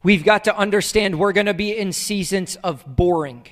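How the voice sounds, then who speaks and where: High-voiced preacher man, big dynamic swings. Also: normal speed, few pauses, in a large hall. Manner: conversational preaching, acts out little dialogues, swings from loud to hushed. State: emotional at moments. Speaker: pastor. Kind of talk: sermon.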